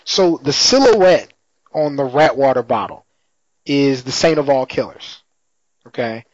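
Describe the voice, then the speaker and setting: A man's voice: mid-range voice, expressive, unhurried, a little mellow, dry recording. Laid-back slangy man, dry muffled sound. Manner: slangy, laid-back storytelling with frequent laughs. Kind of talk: casual chat recapping a TV episode. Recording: dry, slightly muffled lo-fi audio.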